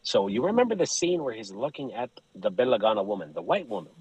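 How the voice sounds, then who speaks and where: A man's voice: on the low side, sing-song, fast talker, a little mellow, breathy edge, no room sound, low-quality recording. A man guesting on a podcast, telling profane, joking stories and acting out the voices of the people in them, laughing often. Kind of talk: casual joking storytelling.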